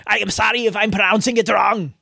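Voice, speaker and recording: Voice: medium pitch, steady tone, a little fast, creaky, bright, forceful tone, no echo, studio quality. A podcast host reading a script, stumbling over hard names, restarting lines and mocking their own flubs. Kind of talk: reading a script, blooper takes.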